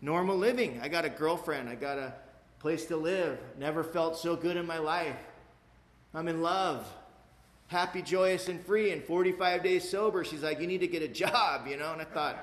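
A frank, streetwise man delivers a personal recovery testimony to a live audience, speaking emphatically with quick repeats and casual tags. His voice sits a bit high for a man. The room around him is echoey. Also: a bit bright.

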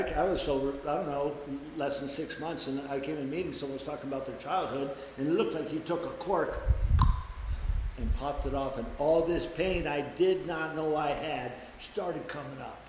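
A man's voice: mid-range voice, slight background noise. Older man in an echoey hall. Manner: blunt, swears casually, acts out quotes loudly. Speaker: recovery meeting speaker. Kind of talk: personal testimony talk. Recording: echoey hall with faint ambience.

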